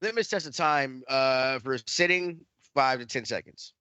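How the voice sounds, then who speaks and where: A man's voice: mid-range voice, measured pace, sharp tone, smooth, dry recording, muffled recording. A man co-hosting a podcast, telling a story in casual chat with many restarts, repeats and swearing. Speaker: podcast co-host.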